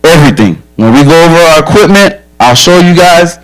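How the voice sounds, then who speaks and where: A police officer speaking plainly and earnestly to a group of young campers, mixing blunt advice with stories from his own life. His voice sits a little higher than most men's. He talks directly and frankly, driving each point home. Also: lively intonation, a little fast, low-quality recording. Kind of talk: safety talk to children at a church camp.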